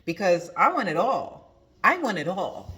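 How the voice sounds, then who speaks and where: A woman's voice: fairly low pitch, sing-song, unhurried, fairly bright tone. A woman hosting a motivational talk as a spiritual coach, emphatic and preachy, repeating her key phrases.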